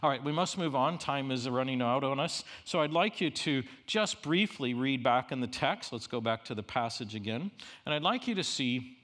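A middle-aged man preaching a sermon at a university, animated and humorous, swinging between loud emphasis and quiet asides. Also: mid-range voice, moderate pace. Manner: humorous storytelling. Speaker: university chapel speaker.

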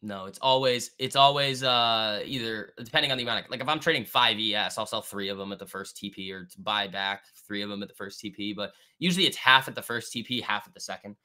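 Bright-voiced man hosting a trading livestream. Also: fairly low pitch, quick pace, hardly any pauses. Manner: casual, slangy, reads chat aloud. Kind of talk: casual livestream chat.

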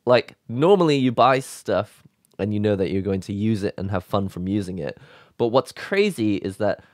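A man hosting a casual vlog, talking excitedly and emotionally in a rambling way. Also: fairly low pitch, moderate pace, no echo, clean studio sound. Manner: excited, rambling, with laughs and sighs. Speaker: YouTube host.

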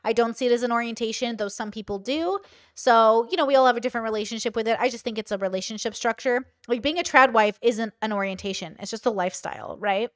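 A woman's voice: a little high, fast talker, fairly bright tone, dry recording. A woman streaming live, chatting casually as she reacts to a video and reads out viewer comments.

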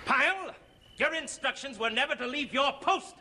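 An actor playing a gruff army officer who barks orders with exasperation, in a 1960s TV comedy sketch. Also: male voice, very high voice, lively intonation, normal speed, pushed and bright, a faint crowd, heavily acted. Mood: barking.

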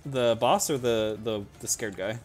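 Young man, game master, animated narration, laughing, casual swearing, tabletop game. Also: mid-range voice, unhurried, faint music behind.

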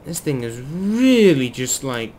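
A man hosting a let's play, commentating excitedly to himself as he flies, at a desk mic at home. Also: medium pitch, slow, a little hiss or hum. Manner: excitable, talks to himself while flying. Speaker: gaming video host.

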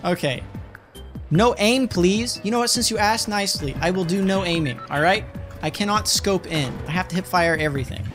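A young man streaming a video game, loud and hyper, swearing and trash-talking other players as he plays. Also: high voice, normal speed. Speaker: gaming streamer. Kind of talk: excited gameplay commentary. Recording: music playing behind.

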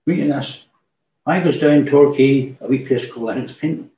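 A man's voice: mid-range voice, brisk, slight background noise. Man, church testimony, rambling storyteller; distant mic, echoey room. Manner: rambling storyteller, acts out quoted dialogue. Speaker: church speaker giving a testimony. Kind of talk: informal testimony to a congregation. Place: church hall. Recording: roomy, distant, dull church recording.

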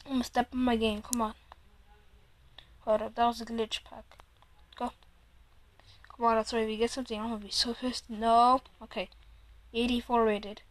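A high, bright-sounding woman calls out a pack-opening game in loose, casual commentary. She is excitable and swears freely, needling her opponent as she goes. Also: moderate pace, pauses often, dry recording, low-quality recording. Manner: excitable, swears a lot, teases the other player. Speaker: player and commentator. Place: room at home, Android phone game.

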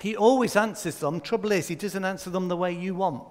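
A man with a fairly high voice leads a light-hearted children's slot in a church service. He quizzes the children by name and jokes as he goes. His voice rings out with a long reverb from the church hall. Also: a little fast. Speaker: church leader giving a children's talk. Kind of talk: playful all-age children's talk in a church service.

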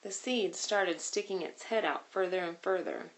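A woman reading a children's novel aloud with expressive storytelling. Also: lowish voice, moderate pace. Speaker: reader.

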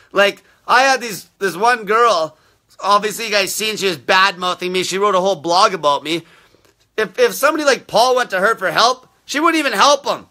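A man's voice: sits high, sharp tone. A man hosting a live show, ranting aggressively with constant swearing and insults aimed at his viewers. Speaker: fasting diet coach hosting a live show. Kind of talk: profane live-stream rant.

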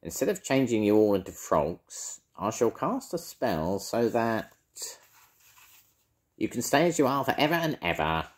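A man's voice: lowish voice, big pitch swings, measured pace, pitched above the performer's own voice. An older man voicing a screeching, cackling evil witch for a storybook reading. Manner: screeching, loud, snorting.

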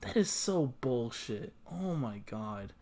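Brief: male anime reactor, exasperated, curses freely, unhurried delivery with muttered asides. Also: mid-range voice, expressive, dark tone. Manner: exasperated, swears a lot, repeats himself; drops into muttered whispers. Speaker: anime reaction channel host. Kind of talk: casual reaction commentary.

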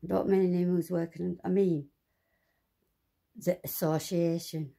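A woman ranting angrily and swearing, talking to her viewers from inside her flat. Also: lowish voice, slow, gravelly, long pauses. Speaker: vlogger. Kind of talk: angry monologue to camera.

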